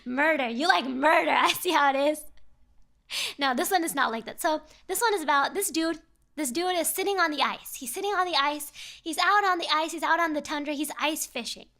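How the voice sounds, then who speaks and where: A woman's voice: high voice, brisk, bright, forceful tone. A young woman streamer telling a story in a casual, rambling way, often repeating herself.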